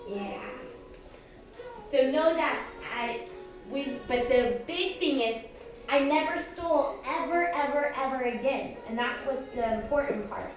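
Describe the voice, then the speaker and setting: High gentle woman, kids' yoga teacher, coaxing, recorded far off in an echoey room with music behind. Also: measured pace. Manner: gentle, coaxing, talks to small children. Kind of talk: guiding children through yoga with a story. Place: preschool classroom.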